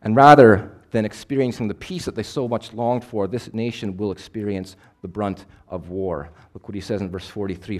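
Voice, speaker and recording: A man preaching a sermon, swinging between emphatic, louder passages and hushed, quiet ones. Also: lowish voice, steady tone, normal speed, few pauses. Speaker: pastor.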